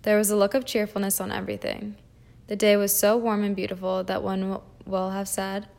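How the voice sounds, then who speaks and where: Female storybook reader, measured and flat in pitch, creaky, with a few stumbles. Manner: measured, with small slips and restarts. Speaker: audiobook reader. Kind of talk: storybook reading.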